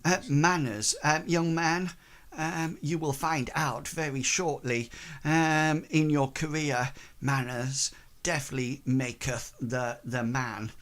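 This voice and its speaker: Stern older woman in a tabletop game, prim and scolding, quiet and measured, as the game master puts her on. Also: fairly high pitch, fairly even intonation. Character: strict older woman running a refuge.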